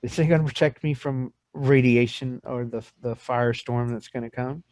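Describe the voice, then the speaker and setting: A man's voice: medium pitch, moderate pace, no room sound. A man in his fifties hosting a podcast, telling stories in casual chat and acting out quotes. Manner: animated storyteller, acts out quotes. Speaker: podcast host.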